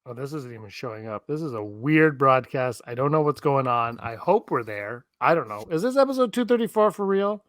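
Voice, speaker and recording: A man co-hosting a podcast, chatting casually and telling rambling, animated stories full of restarts. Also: medium pitch, a little fast, hardly any pauses, no room sound. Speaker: podcast co-host. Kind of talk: casual chat. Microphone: streamed remote podcast setup.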